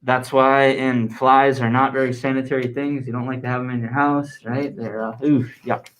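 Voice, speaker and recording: A man teaching a classroom science lesson, lively and talking with students, dictating answers slowly and repeating them. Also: mid-range voice, rough recording.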